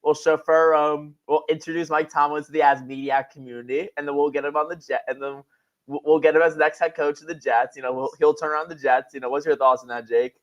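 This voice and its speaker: A male caller with a slightly high voice, heard over dull, muffled phone-call audio. He talks eagerly and pleadingly, packing his sentences with fillers. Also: steady tone, quick pace. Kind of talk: call-in sports talk.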